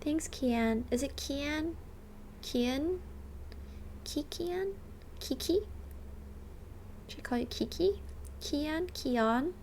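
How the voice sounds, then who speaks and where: A woman's voice: high-pitched, expressive, slow, long pauses, darkish tone, a little hiss or hum. A woman in her twenties chatting casually with her stream viewers, bubbly and full of "like", thanking subscribers by name. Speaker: livestreamer. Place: rented apartment.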